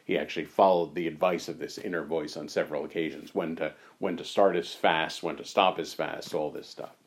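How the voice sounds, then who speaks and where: A man leading a reflective discussion on spiritual teachings, thoughtful and unhurried, his voice going hoarse. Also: extremely low pitch, fairly even intonation. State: losing his voice. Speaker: discussion leader.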